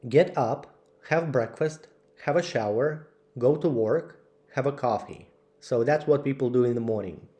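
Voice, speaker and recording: A man slowly reading out English vocabulary lists for learners, word by word with clear pauses. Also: medium pitch, warm tone. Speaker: English teacher. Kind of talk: slow vocabulary drill.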